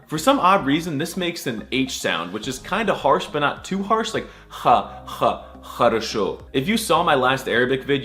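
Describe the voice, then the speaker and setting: A male comedy video creator gives a mock alphabet lesson, his pitch swooping with great liveliness. He's sarcastic and jokey, drawing out the letter sounds as faint music plays behind him.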